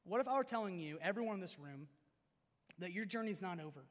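A young man preaching to a youth audience, animated and joking, swinging between loud and hushed. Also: sits high, fast. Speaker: youth pastor. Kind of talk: sermon. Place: large hall before an audience. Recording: long hall reverb.

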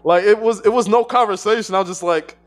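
A man's voice: sits high, fast talker, faint music behind. Rambling man chatting on a podcast. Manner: rambling, many "like" fillers and restarts, swearing. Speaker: podcast co-host. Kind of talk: casual podcast chat.

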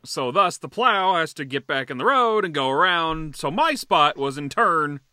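A man's voice: on the high side, animated, normal speed, bright, forceful tone, no echo, studio quality. A man co-hosting a podcast, telling a story in a casual, profane, fired-up rant. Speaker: podcast co-host.

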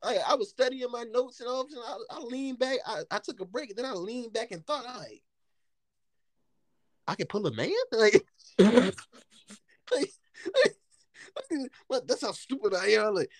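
Animated, laughing man telling stories. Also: extremely high pitch, moderate pace, pauses often, no room sound. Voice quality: animated, laughs often, swears freely. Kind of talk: casual storytelling chat.

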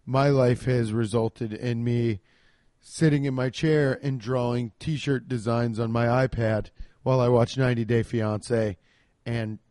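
A man's voice: medium pitch, steady tone, measured pace, mellow, dry recording, clean studio sound. A young man hosting a podcast, telling a rambling, self-deprecating comic story and swearing freely. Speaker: podcast host. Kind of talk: casual comedic storytelling.

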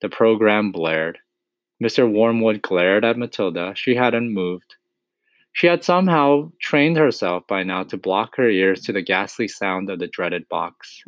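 Low-voiced man reading a storybook. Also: measured pace, no echo. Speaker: narrator.

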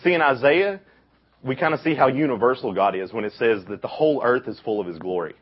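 Young male youth speaker, deep and husky, lively storyteller who acts out quotes, dull lo-fi recording. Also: quick pace. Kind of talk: casual youth sermon.

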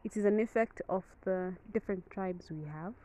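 A woman's voice: mid-range voice, moderate pace, warm tone, low-quality recording. A woman with a Kenyan accent, hosting a podcast outdoors in a rambling, chatty way that keeps correcting itself. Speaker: podcast host. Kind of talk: casual podcast monologue. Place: outdoors in the wind. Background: wind noise.

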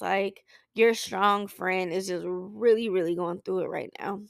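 Candid woman podcaster, gravelly edge. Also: mid-range voice, fairly even intonation, a little slow, few pauses, no echo, studio quality. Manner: candid, emotional, rambling with restarts. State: tearful. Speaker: podcast host. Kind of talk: personal check-in talk. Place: Saint Louis.

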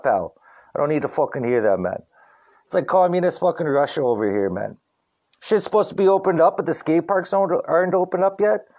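A middle-aged man rants on his own podcast in a loose, rambling flow, swearing constantly and leaning on slang fillers. His voice sits at an ordinary middle pitch for a man, casual and unscripted. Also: a little mellow. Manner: profane, rambling, slangy, says "dude" and "like" constantly. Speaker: podcast host. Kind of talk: casual solo podcast rant.

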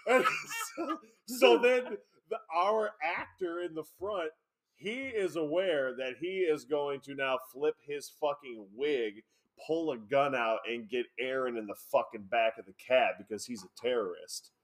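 A man telling a story in casual chat, animated, swearing freely, often breaking into laughs. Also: medium pitch, a little slow.

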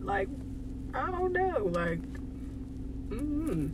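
A woman's voice: mid-range voice, expressive, fairly quick, background noise. A young woman chatting casually with a friend, speaking in an emphatic, profane, joking way. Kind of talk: casual chat.

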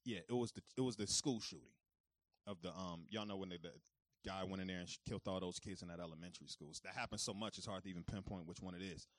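A man preaching a sermon who moves between calm teaching and loud, high-pitched preaching, talking informally straight to his congregation. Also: fast, no room sound. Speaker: pastor.

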